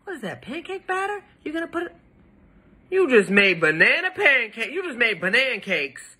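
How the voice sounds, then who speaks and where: A woman with a high, bouncing voice swoops up and down as she cooks in her home kitchen. She keeps up a loud, profane, exclaiming comedic commentary throughout. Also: very animated, normal speed. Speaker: comedian cooking on camera. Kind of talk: comedic cooking vlog commentary.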